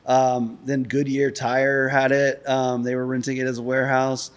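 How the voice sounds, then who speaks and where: A man's voice: medium pitch, completely flat delivery, moderate pace, slight background noise. A man talking casually as a podcast guest, speaking in loose, rambling sentences with many fillers, recorded inside an old industrial building. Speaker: guest, pipe business founder.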